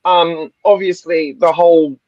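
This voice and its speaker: A man's voice: on the high side, steady tone, a little slow, darkish tone, no echo, muffled recording. A man giving blunt opinions in a casual football podcast chat, laughing often. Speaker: podcast panelist.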